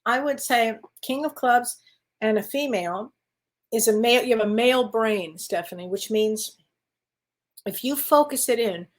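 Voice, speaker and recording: A woman's voice: fairly high pitch, normal speed. A woman working as a spiritual medium, giving card readings in casual, affectionate chat and calling listeners honey.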